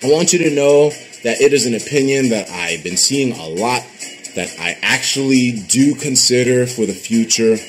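A man's voice: mid-range voice, normal speed, soft background music. A man talking casually on his livestream, swearing freely and reading out viewer messages. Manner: animated, swearing, bursts into laughter; reads out viewer donation messages.

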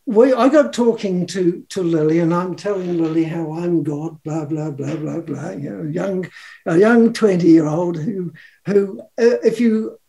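A man's voice: high voice, unhurried, vocal fry, dark tone. A New man in his seventies telling a personal story in a rambling, chuckling way, acting out the quotes. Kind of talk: casual storytelling.

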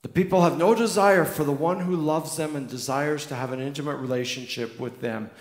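A man's voice: fairly high pitch, steady tone, brisk. A man preaching a sermon as pastor, earnest and emphatic, repeating key lines for weight. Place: church sanctuary. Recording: echoey church hall with long reverb.

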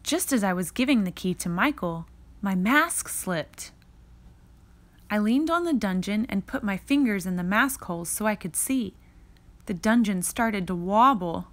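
A woman reading a children's picture book aloud in a slow, expressive read-aloud manner. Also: medium pitch. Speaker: reader.

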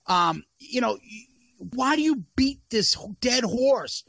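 A man's voice: extremely high pitch, animated, a little slow, a bit bright, no echo. Male podcast co-host, exasperated ranter, heavy swearing, dry close sound. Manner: ranting, swears a lot, exasperated. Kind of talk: casual chat.

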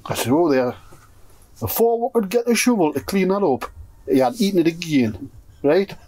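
This is a Geordie man from the North East of England, spinning a salty yarn among friends in a pigeon loft. His voice sits a touch high, and he swears constantly. He acts out every bit of dialogue in his tale with lively relish. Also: normal speed. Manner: profane, animated, acts out dialogue. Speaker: pigeon fancier. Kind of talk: casual storytelling among friends. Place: pigeon loft shed, indoors.

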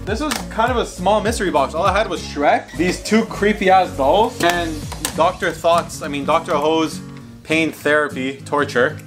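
A young man hosting his own vlog in a fairly high voice, talking straight to his viewers. He is excitable, jumps from mock disgust to loud yelps, and swears casually. Faint music plays under him. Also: normal speed. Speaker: YouTube host.

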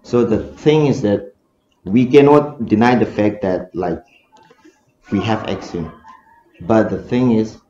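A man with a Manipuri English accent, a research scholar, answers hesitantly in a seminar discussion, full of fillers and restarts. His voice is lowish and dark, measured with frequent pauses, and the recording is echoey and dull lo-fi with a little hiss or hum.

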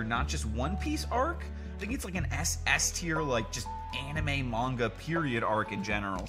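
A host of a card-opening channel, chatting casually like a fan while reading out card names, and bursting into loud excitement over rare pulls. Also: medium pitch. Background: background music.

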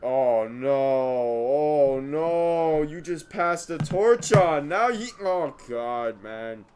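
Excitable man reacting out loud. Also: fairly high pitch, very slow, clean tone. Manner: talks back to the screen, excitable outbursts and mumbled asides. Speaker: reaction video host. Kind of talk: casual reaction commentary.

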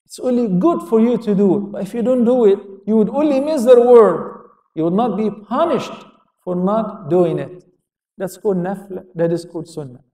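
A man's voice: high-pitched, moderate pace, dark tone. A man giving a religious lecture to an audience, asking questions and answering them himself, with quotations in Arabic. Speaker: Islamic lecturer. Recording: echoey hall, speaker far from mic.

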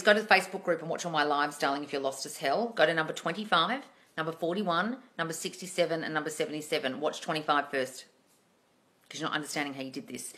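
On a live stream, a manifesting coach answers viewer questions in a low-pitched, sharp voice. She's blunt and scolding, swearing plenty and throwing in sarcastic asides.

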